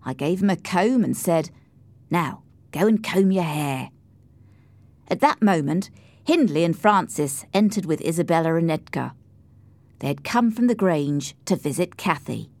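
A woman narrating a storybook in the first person, slow, clear and expressive. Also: on the low side, no echo. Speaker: audiobook narrator.

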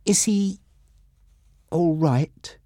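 A man voicing a shocked young woman in a read-aloud story, speaking in a soft, pleading way. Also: fairly high pitch, drawn-out words, no echo, clean studio sound, pitched above the performer's own voice. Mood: upset.

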